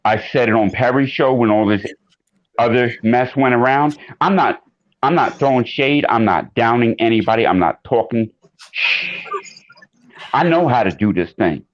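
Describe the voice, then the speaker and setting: A man's voice: mid-range voice, moderate pace. Emphatic man calling in, lo-fi line. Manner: earnest, emphatic, gets loud. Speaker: caller. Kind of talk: casual call-in chat.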